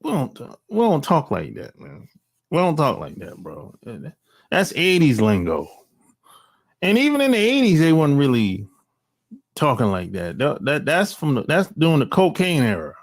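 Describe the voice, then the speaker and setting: A man's voice: on the high side, huge pitch swings, moderate pace. A man talking straight into his phone, blunt and slangy, with mocking asides. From United States. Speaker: vlogger. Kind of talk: casual opinion monologue. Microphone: cell phone.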